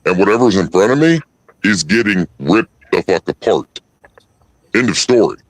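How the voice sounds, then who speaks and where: Deep voiced guy, blunt and sweary, halting, dry sound. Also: animated, no echo, rough recording. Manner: blunt, profane, halting storytelling. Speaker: host. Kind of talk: casual chat on a livestream.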